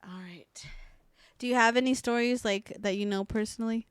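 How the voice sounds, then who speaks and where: A woman's voice: fairly high pitch, normal speed, smooth, dry recording. A young woman, co-hosting a podcast and telling a story in a casual, profane way with frequent laughs. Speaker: podcast co-host. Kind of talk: casual chat.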